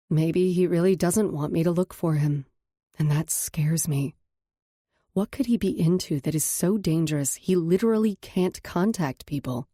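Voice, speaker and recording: A woman narrating a first-person romance audiobook in an intimate, measured way. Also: sits low, dark tone, no room sound, studio quality.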